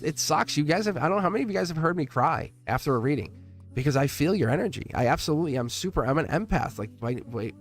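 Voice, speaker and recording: A middle-aged man hosting a live tarot reading stream, talking warmly and at length to his viewers, rambling with frequent restarts and laughs. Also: medium pitch. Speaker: live tarot reader and channel host.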